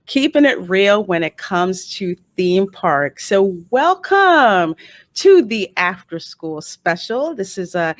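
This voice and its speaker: A woman's voice: medium pitch, dry recording. A woman hosting her own online interview show, bubbly and laughing often. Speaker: host. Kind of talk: casual chat.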